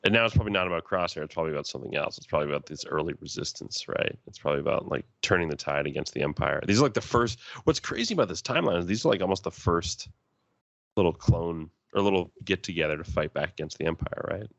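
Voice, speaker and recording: A man's voice: expressive, fast, vocal fry, dry recording. A man co-hosting a fan podcast in casual chat, enthusiastic and jokey. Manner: enthusiastic, jokey, jumps into high quoted voices. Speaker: podcast co-host.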